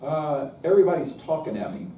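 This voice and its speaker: A man's voice: a little high, brisk, dark tone. Folksy North Carolina man, roomy and distant. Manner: folksy, chatty, demonstrates by singing. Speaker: choral workshop presenter. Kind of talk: workshop lecture with sung demonstrations. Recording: roomy, distant mic, faint noise.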